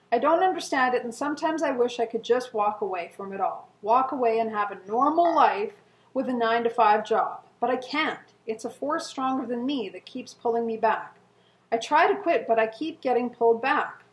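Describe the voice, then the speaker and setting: Middle-aged woman, somewhat high voice, earnestly reading her old journal entries aloud in an echoey room. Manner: earnest and emotional, with soft laughs and sighs. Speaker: co-host.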